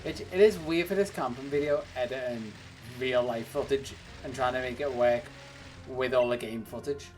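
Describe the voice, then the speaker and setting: A streamer talks loosely to their chat while playing, wandering from one thought to the next and breaking into laughter often. The voice sits at an ordinary middle pitch. Faint music plays underneath. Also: moderate pace, a little mellow. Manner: rambling and chatty, laughs often. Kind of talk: casual livestream chat while gaming.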